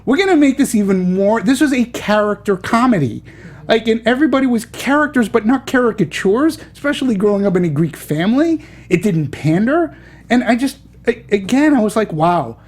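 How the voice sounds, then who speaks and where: A man's voice: high voice, lively intonation, a little mellow. Playful male movie-show host. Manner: playful, halting with many restarts and fillers. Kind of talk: casual panel chat.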